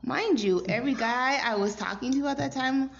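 A woman's voice: sits high, normal speed, creaky. A woman co-hosting a podcast, chatting in a laid-back way and laughing now and then. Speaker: podcast co-host. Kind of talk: casual podcast chat. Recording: dull lo-fi sound with faint noise.

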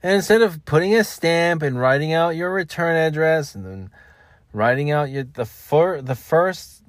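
A man imitating a crotchety older TV commentator who gripes and nitpicks every little detail. The voice is pushed up higher and livelier than his own, with a fussy, complaining lilt. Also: lively intonation, normal speed, no echo, studio quality, close to an everyday voice. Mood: griping. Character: grumpy old male TV commentator, fussy and griping. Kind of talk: comic impression.

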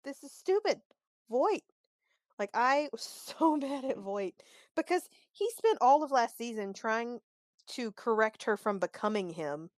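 A woman co-hosting a casual podcast, recapping a TV episode in a chatty, animated way and acting out the characters' lines. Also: on the high side, unhurried, no room sound, studio quality. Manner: chatty and animated, acts out quoted lines, openly annoyed. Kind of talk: casual chat.

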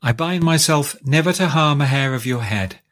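A man voicing a spiteful old female hag who curses and shrieks in a raised, higher voice. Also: lively intonation, normal speed, fairly bright tone. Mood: scolding. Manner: shrill screaming outbursts.

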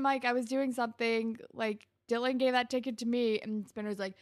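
A young woman in casual chat, recapping a TV episode and acting out the characters' lines with animated energy. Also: a little high, normal speed, no room sound, studio quality. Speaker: podcast co-host recapping a TV episode.

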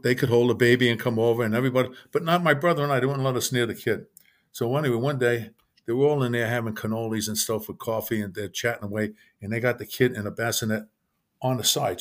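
Older man spinning neighborhood stories. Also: mid-range voice. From Brooklyn, New York. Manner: animated anecdote teller, acts out quoted voices, frequent restarts. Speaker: author guest. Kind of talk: casual storytelling interview.

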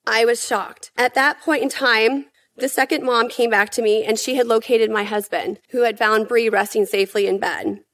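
A woman giving prepared testimony at a hearing, in an earnest, emphatic and measured way. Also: fairly high pitch, fairly even intonation, fairly bright tone.

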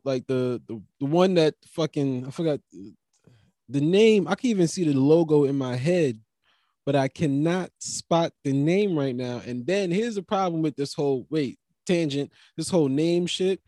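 A man delivering a rambling, profane comic monologue, wandering through tangents, restarting sentences and now and then bursting into animated high riffs. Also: dry recording, studio quality.

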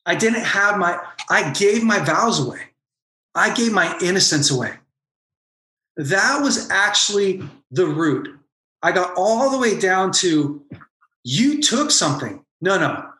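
Earnest bright-voiced man, echoey room. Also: high voice, lively intonation. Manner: earnest, emotional storytelling with quick bursts. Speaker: podcast guest, former pastor. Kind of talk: candid podcast conversation.

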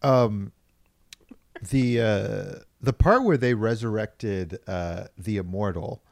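A low-voiced man talks slowly about a show, halting and hesitant with many fillers. The sound is dry and close. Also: expressive, creaky, a little mellow, no room sound. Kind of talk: casual chat about a TV show.

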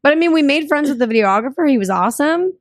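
A woman's voice: high voice, expressive, quick pace, no echo, clean studio sound. A young woman chatting casually as a podcast co-host, telling stories and acting out what other people said. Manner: chatty storyteller who acts out quoted dialogue. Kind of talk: casual chat.

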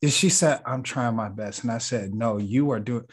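A man's voice: medium pitch, moderate pace, slightly rough. A man co-hosting a podcast, telling a story in an earnest, reflective way and laughing often. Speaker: podcast co-host. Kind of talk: casual storytelling chat.

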